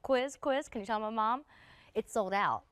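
A woman hosting a live home shopping show, chatting warmly and gushing about clothes to viewers. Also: a little high, normal speed, no room sound. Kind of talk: live TV sales pitch.

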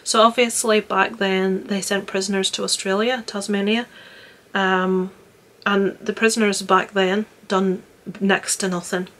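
A woman's voice: medium pitch, flat delivery, unhurried, a bit bright. A young woman chatting casually about films she watched, earnest and rambling with frequent restarts. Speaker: vlogger reviewing films. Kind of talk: casual film review chat.

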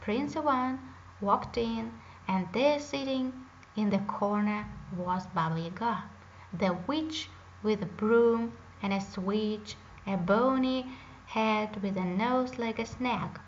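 A woman telling a fairy tale in English, reading slowly and carefully, on a dull lo-fi recording. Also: medium pitch. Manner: slow, careful reading aloud. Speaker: storyteller. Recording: dull lo-fi recording with faint hiss.

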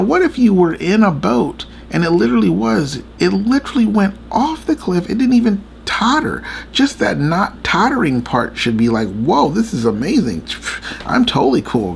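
A man with a gravelly, fry-edged voice speaks earnestly in a late-night chat about faith. He circles back and repeats himself as he confides in his viewers. A faint noise sits behind him. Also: high voice. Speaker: faith vlogger and co-host.

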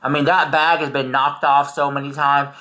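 A man's voice: fairly high pitch, flat delivery, normal speed, bright, forceful tone. A man hosting a casual reaction commentary, sassy and rambling as he talks straight to his viewers. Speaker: commentary host.

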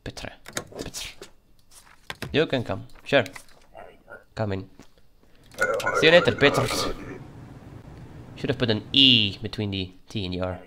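Slow, playful man doing a mock Russian guard. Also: lowish voice, expressive, background noise. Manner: playful put-on Russian-style border guard voice; mutters while reading documents. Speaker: gaming channel host. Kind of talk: let's play commentary.

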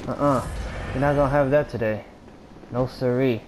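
Excitable man commentating his gameplay. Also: medium pitch, a little slow, pauses often, slight background noise. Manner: excitable, talks to himself and viewers, swears when hit. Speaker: gamer.

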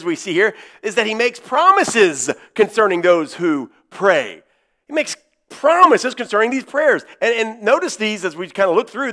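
In a church sermon, a male pastor's high, bright voice ranges widely in pitch. Key words get heavy stress, slowed down and repeated, and his volume climbs to loud before falling to hushed.

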